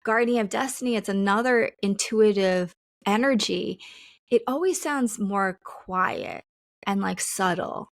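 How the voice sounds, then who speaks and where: A woman's voice: mid-range voice, measured pace, no room sound. Chatty woman on a dry close mic. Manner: chatty, laughs often, lots of "like" fillers. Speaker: podcast co-host. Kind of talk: casual chat.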